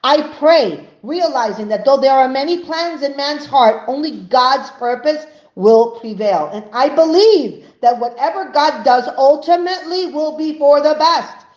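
A woman with a fairly high voice teaches an earnest religious lesson, pressing her points with emphasis. The sound is dull and muffled, with an echoey room around her. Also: expressive, unhurried, hardly any pauses, a little mellow. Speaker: Torah teacher.

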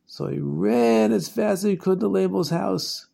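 A man hosting a storytelling show, narrating a tale slowly and deliberately, with long pauses. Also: sits high, vocal fry, mellow. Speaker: storyteller host.

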